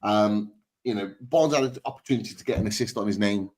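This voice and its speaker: Husky guy ranting hard about his team, blunt, swears a bit. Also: on the low side, fast talker, darkish tone. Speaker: fan podcast panelist. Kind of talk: heated football fan chat.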